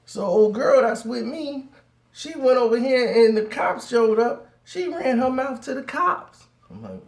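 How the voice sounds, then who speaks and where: A man telling a street story in slangy, lively talk, with laughing asides and acted-out voices. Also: extremely high pitch, a little slow. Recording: roomy echo.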